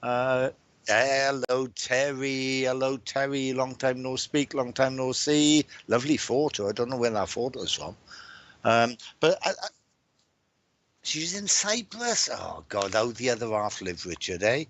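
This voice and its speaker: A man from Wales who works as a medium and is hosting a livestream. He talks in a loose, chatty way, greeting viewers one by one by name. He often stumbles, repeats his words and restarts his sentences, and his voice sits at an ordinary middle pitch. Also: animated, unhurried, fairly bright tone, no room sound.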